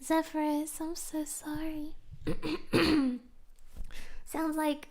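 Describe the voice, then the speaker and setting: Young woman, streamer, casual chat, high voice, gushing, giggly, soft whispers. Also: flat delivery, very slow.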